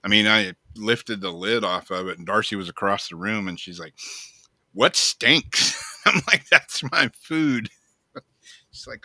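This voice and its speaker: In a dry recording, a man whose voice sits low co-hosts a casual talk show, recounting a story with lively, profane looseness and plenty of laughter.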